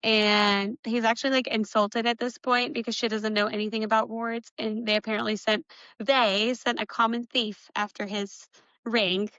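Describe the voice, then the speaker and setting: A bright-voiced young woman chats her way through a book recap, full of "like" and "um" and quick laughs. The sound is close and dry, a little dull and lo-fi. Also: fairly high pitch, little pitch movement, no room sound. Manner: chatty recapping with giggles and filler words. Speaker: book podcast co-host. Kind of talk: casual book discussion.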